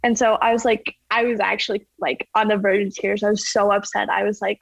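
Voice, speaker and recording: A woman's voice: medium pitch, flat delivery, a little fast, gravelly, few pauses, no echo, muffled recording. A young woman from Canada, a ski jumper, chatting casually in an interview and filling her talk with "like". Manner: chatty, fills speech with "like".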